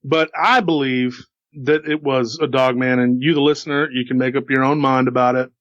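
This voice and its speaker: A man with a mid-range, fairly bright voice and fairly even intonation speaks at normal speed, casually recounting a paranormal story he heard. He's chatty and repetitive, with asides to the listener, and the dry recording sounds dull and slightly lo-fi.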